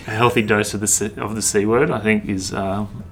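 A man's voice: fairly low pitch, steady tone, brisk, fairly bright tone, a little hiss or hum. A man in his thirties with an Australian accent, a street artist chatting laid-back and swearing freely in an interview. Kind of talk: casual interview chat.

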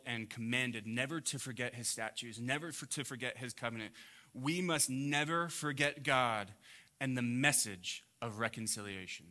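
A man preaching a sermon to a congregation, swinging between loud emphatic peaks and quiet low asides. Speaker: pastor.

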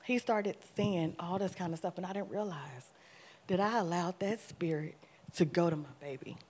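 A young adult woman giving a church testimony, telling her story with animation, acting out her own past words and rising to loud, emphatic preaching. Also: fairly low pitch.

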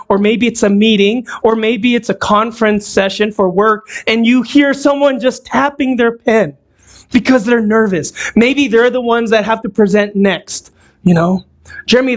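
A male preacher with a high voice gives a sermon, drawing the words out slowly. He talks to his congregation in a loose, conversational way and often asks them questions. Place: church hall, also streamed on a video call.

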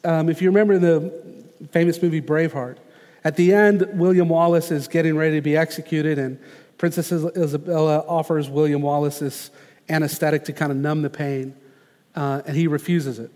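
A man preaching a sermon as pastor, earnest and measured, slowing down to stress key phrases. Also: a little high, little pitch movement, darkish tone, in a large hall.

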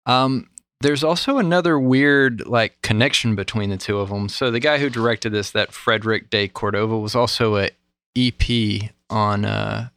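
A man co-hosting a podcast in casual chat, relaxed and informative, sharing background trivia. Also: lowish voice, moderate pace, clean tone. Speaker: podcast co-host.

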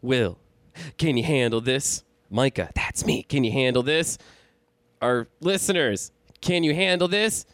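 A man's voice: medium pitch, a little slow, a bit bright, dry recording. A man, co-hosting a casual podcast, rambling loosely and swearing freely into a close mic. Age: 30s. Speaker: podcast co-host.

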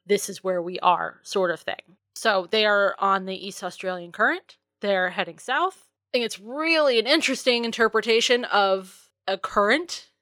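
A woman's voice: medium pitch, moderate pace, few pauses, pushed and bright, dry recording, clean studio sound. A woman from New England co-hosting a podcast, chatting enthusiastically about a movie. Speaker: podcast co-host. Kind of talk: casual movie discussion chat.

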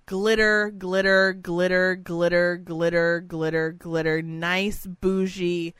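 A woman's voice: lowish voice, level tone, takes it slowly, fairly bright tone, clean tone, no room sound. A woman in casual chat, talking bluntly and profanely about a friend.

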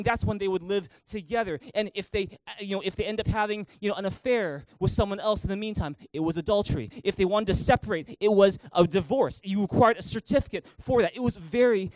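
A young man delivers a church sermon in a high, bright-toned voice. He is animated, acting out the people in his stories as he preaches. The sound is close and dry, with little room in it. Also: no echo, rough recording. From Canada. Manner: animated, acts out quoted voices. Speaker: pastor.

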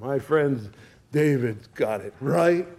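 A man's voice: mid-range voice, expressive, slow pace, vocal fry, a little mellow. A man preaching a sermon in an earnest way, speaking to his listeners as friends.

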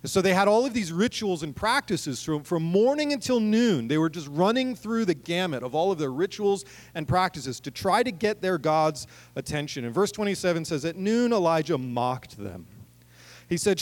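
A man preaching a sermon, reading scripture and breaking in with joking, animated asides to the congregation. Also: high-pitched, normal speed. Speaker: pastor. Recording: long reverb of a large hall.

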